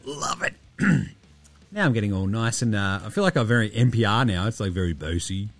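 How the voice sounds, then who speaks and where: A man's voice: lowish voice, sing-song, a little fast, faint music behind. A man in his thirties with an Australian accent, hosting a basketball podcast in loose, rambling, heavily sweary chat, a little tipsy. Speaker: podcast host.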